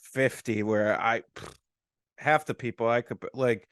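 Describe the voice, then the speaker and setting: A man's voice: mid-range voice, fairly even intonation, measured pace, a bit bright, dry recording, clean studio sound. A man in his forties co-hosting a podcast in casual chat, telling stories animatedly and laughing often. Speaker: podcast co-host.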